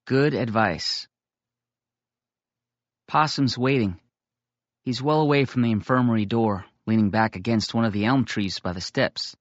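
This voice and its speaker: A man reading a novel aloud in first person, with steady, measured storytelling. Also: medium pitch, dry recording, muffled recording. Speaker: audiobook reader.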